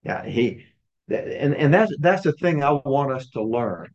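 A man's voice: medium pitch, sing-song, unhurried, a little mellow. Man, bible study leader, chatty teaching, asks questions, dull lo-fi recording. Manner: conversational, asks the group questions, acts out quoted lines. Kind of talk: casual scripture teaching.

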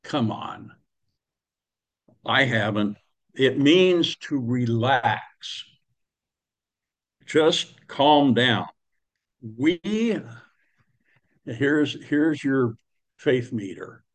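Slow, folksy male preacher. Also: mid-range voice, lively intonation. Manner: folksy, conversational, with slang and asides. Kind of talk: sermon.

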